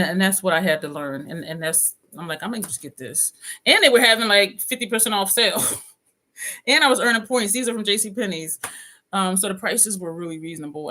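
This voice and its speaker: A woman's voice: on the low side, sharp tone. A woman vlogger chatting casually, reading comments and laughing often. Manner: chatty, laughs often, drops into quoted voices. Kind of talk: casual chat with live comments.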